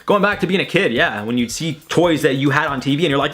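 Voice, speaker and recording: A man's voice: a little high, fast, soft background music. A young man hosting a tweet-reaction video in his room, rambling and swearing in a loose, joking way. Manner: animated, rambling, swearing, laughing at own jokes. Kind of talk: casual reaction commentary. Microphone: desk mic at his computer.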